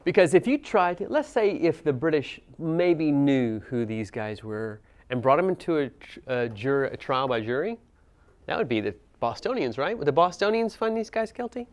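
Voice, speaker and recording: A man's voice: on the high side, lively intonation, normal speed. A man teaching a history class, talking conversationally and asking students questions as he goes. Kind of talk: classroom lecture.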